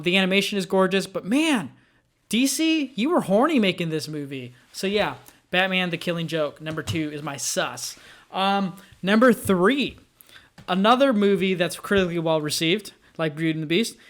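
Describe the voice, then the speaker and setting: Young male vlogger reviewing movies, a high voice with a loose, rambling delivery. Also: expressive, normal speed, a bit bright. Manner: rambling, many fillers and restarts. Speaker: film reviewer. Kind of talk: casual movie review vlog.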